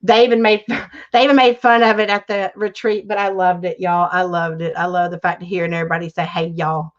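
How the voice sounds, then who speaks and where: A woman's voice: lowish voice, little pitch movement, a little fast, lo-fi sound. A woman chatting casually on a livestream, gushing about her crafts and reading the chat aloud. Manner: chatty, gushing, says y'all often, reads chat aloud. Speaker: YouTube crafter hosting a livestream.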